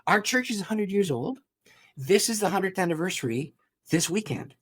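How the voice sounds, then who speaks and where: A man's voice: high-pitched, expressive, normal speed, breathy edge, pitched above the performer's own voice. A man doing an earnest pastor. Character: earnest male church pastor, caring.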